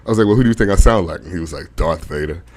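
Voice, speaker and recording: A middle-aged man with a deep voice, telling stand-up stories about his family. He speaks at an easy, laid-back pace and often laughs at his own punchlines. He is heard over a video call. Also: expressive, racing, darkish tone. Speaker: stand-up comedian.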